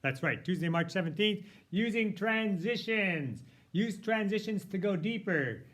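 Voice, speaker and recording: A man's voice: high voice, measured pace. A man teaching a writing lesson, talking casually and thinking aloud as he edits a sample text. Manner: relaxed, thinking aloud with fillers. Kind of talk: recorded lesson walkthrough.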